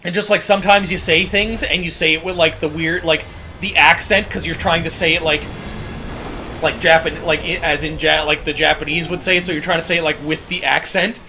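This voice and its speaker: A man streaming a game with casual, excitable commentary, laughing often and swearing freely. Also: a little high, a little fast, slight background noise.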